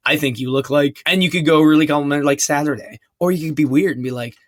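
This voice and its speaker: A man's voice: on the high side, quick pace, dry recording. A man co-hosting a casual podcast, giving joking dating advice and reading out listener letters. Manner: laid-back, joking, advice-giving, puts on silly voices in quotes.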